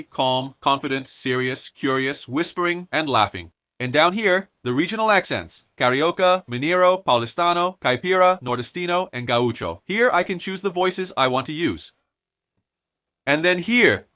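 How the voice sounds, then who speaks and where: A man from Brazil hosting a software tutorial, explaining each step and talking straight to his viewers. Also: fairly high pitch, no echo, clean studio sound. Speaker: tech tutorial host. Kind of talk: screen-recorded software tutorial.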